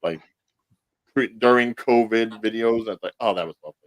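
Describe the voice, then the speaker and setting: A man co-hosting a casual film podcast, with rapid, trailing asides. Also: on the low side, dry recording. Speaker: podcast co-host. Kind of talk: casual panel chat.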